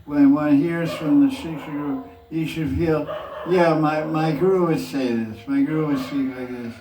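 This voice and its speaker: A man, a spiritual teacher, answers questions in a relaxed and chuckling way and quotes people in put-on voices. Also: a little high, normal speed. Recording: echoey room, mic from a distance, faint noise.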